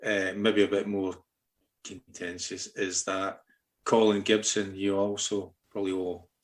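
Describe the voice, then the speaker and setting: Deep-voiced Scottish man, halting questions. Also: level tone. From Scotland. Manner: halting, many fillers and restarts, teasing. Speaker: podcast co-host. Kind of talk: casual podcast interviewing.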